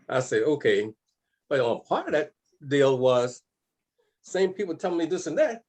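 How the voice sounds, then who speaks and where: An older football coach reminisces in a casual, rambling way, stopping to correct his own details. His voice is a little higher than most men's. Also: sing-song, moderate pace, darkish tone.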